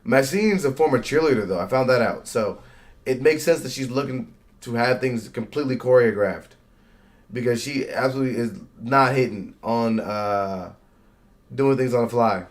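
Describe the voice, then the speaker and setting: A man's voice: mid-range voice, moderate pace. Rowdy man reacting to a wrestling show. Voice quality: slangy, profane. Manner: loud, excitable, yells at the screen. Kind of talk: casual live reaction commentary.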